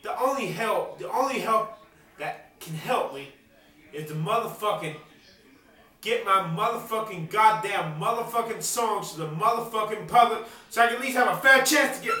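A man ranting in a rough, heavily profane rant, bursting into shouts and loud laughs. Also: high voice, a little fast. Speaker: amateur rapper vlogging. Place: outdoors on a street. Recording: very echoey, distant from mic, noisy.

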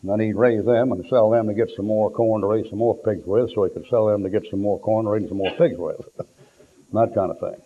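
A man's voice: fairly low pitch, fairly even intonation, a little fast, a little hiss or hum. A male preacher telling homespun stories in a rambling folksy sermon, with restarts and down-home phrasing. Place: church. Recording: tinny lo-fi tape.

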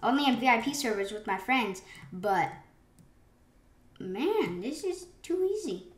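Slow-talking excitable woman gamer. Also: on the high side. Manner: excitable, with sudden gasps and rambling restarts. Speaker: gaming channel host. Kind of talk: live gameplay commentary. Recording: roomy echo with faint keyboard clicks.

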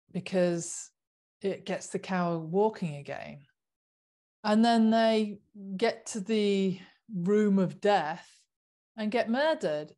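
A woman's voice: mid-range voice, darkish tone. A woman vlogger giving an impassioned, casual monologue, earnest and repetitive, full of rhetorical questions.

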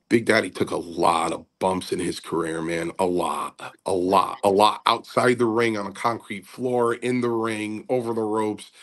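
A low-pitched older man with a gravelly edge talks casually, circling back and repeating himself as he rambles. He has the halting, filler-heavy delivery of a former wrestler telling stories on his own show. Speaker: podcast host and former wrestler.

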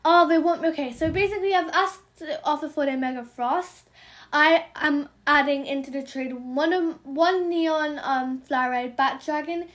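Hyper high-voiced woman gaming vlogger. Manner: fast, hyper, excitable chatter with apologies. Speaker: gaming channel host. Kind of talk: game trading commentary vlog.

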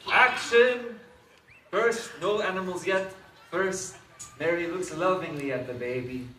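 A man calling out cues for a nativity scene in a slow, instructive way. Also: on the high side, fairly bright tone, a little hiss or hum. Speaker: narrator of nativity directions. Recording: far from mic in an echoey room.

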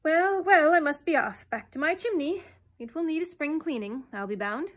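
A woman's voice: fairly high pitch, lively intonation, normal speed, husky. A woman voicing a cheeky male starling bird in a storybook reading, perky and wheedling in manner.

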